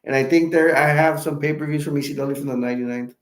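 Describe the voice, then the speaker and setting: A man hosting a live stream, chatting in a halting, rambling way with many restarts and self-corrections, with hiccups. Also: a little high, steady tone, echoey room.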